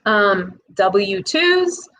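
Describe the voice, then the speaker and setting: A woman with a Midwestern American accent chats to camera about a small business loan program, explaining it directly and tossing in quick asides. Her medium-pitched voice is sing-song and fairly bright, though the audio quality is poor.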